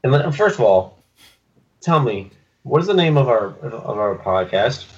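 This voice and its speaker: A man's voice: mid-range voice, big pitch swings, measured pace, muffled recording. A man co-hosting a podcast, rambling through grand setups in casual banter. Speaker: podcast co-host.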